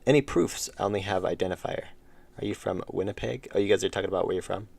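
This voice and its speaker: Low, gravelly male streamer, casual, mutters while coding, keys clacking. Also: fast, darkish tone. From United States. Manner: thinks aloud, mumbles while working, chats with viewers. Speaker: game developer streamer.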